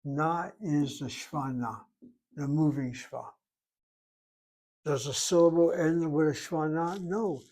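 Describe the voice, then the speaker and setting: A man's voice: on the high side, slow pace, long pauses, darkish tone. Methodical man teaching a grammar lesson. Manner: methodical, talks himself through each step. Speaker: Hebrew teacher.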